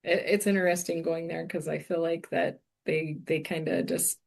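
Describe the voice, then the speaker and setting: Woman co-host, agreeable and quick to laugh. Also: lowish voice, little pitch movement, gravelly, darkish tone. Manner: agreeable, laughs readily, brief affirmations. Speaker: podcast co-host. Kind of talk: casual conversation.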